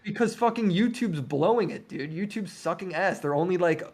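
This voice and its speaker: Male guest, slightly high voice, blunt, swears a lot, insistent. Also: lively intonation, moderate pace. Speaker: guest co-host. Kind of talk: casual livestream chat.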